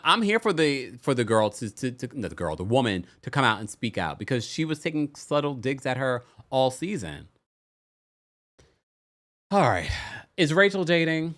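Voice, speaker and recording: A man hosting a casual chat show, recapping reality TV with animated talk, big pitch jumps and frequent laughter. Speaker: podcast host.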